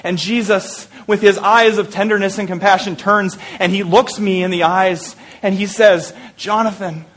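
A male pastor with a rather high voice delivers an Easter sermon as a vivid story. He draws listeners into the scene, sometimes sinks to a hushed, intimate tone, and slips in lighthearted asides. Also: steady tone, normal speed, hardly any pauses.

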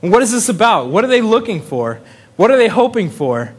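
A man's voice: high voice, very animated, a little fast, slightly rough. A man preaching a casual sermon in a chatty way, chuckling often and restarting his sentences. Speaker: pastor.

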